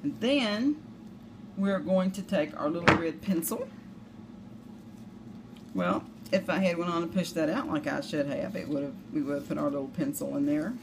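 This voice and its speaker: A woman's voice: deep voice, moderate pace. A woman with a Southern US accent, chatting through a crafting tutorial with rambling, self-deprecating asides. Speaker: craft demonstrator. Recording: noisy home recording.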